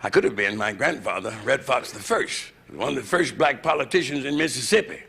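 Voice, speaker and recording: A man in his fifties doing a bawdy live stand-up routine, talking to a club crowd and jumping into loud put-on voices. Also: mid-range voice, expressive, a little fast, vocal fry, slightly rough. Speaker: stand-up comedian. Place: live club stage with audience. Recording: noisy live club recording.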